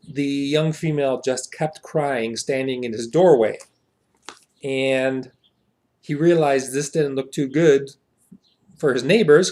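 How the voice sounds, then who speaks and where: A young man reads a short story aloud and translates it on the fly, rambling and hesitant. He drifts into asides as he thinks aloud, and the quoted lines come out louder and higher. His voice sits at an average pitch.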